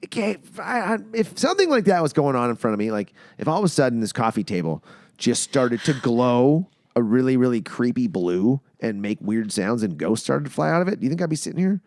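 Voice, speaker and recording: A man with a Canadian accent co-hosting a podcast, talking in an animated, joking way with playful mimicry. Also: medium pitch, fairly quick, no echo. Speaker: podcast co-host. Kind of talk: casual chat.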